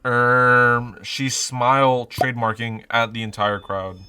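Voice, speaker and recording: A man's voice: medium pitch, little pitch movement, slow, bright, forceful tone, a little hiss or hum. A young man in his twenties reviewing movies in casual, rambling chat, full of fillers and swearing. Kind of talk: casual vlog commentary.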